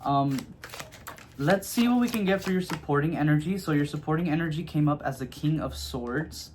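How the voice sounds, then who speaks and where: Man with a slightly high voice for a relaxed, chatty tarot reading to camera. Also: moderate pace, a little hiss or hum. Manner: chatty, filler-heavy, checks in with "okay?". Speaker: tarot reader.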